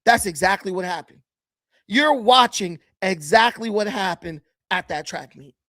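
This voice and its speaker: A man's voice: high voice, unhurried, no room sound. A man giving blunt, combative commentary while reacting to video clips, often mocking the people he watches. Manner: blunt, combative and mocking, with sudden swings in loudness.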